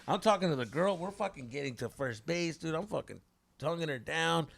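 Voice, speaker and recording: A man tells a story on a podcast, and his gravelly voice swings up and down a lot. He sits a little higher than most men. He drops in curses and Spanish slang as he talks. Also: brisk. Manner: animated, profane, mixes English and Spanish. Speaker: podcast co-host. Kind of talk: casual storytelling.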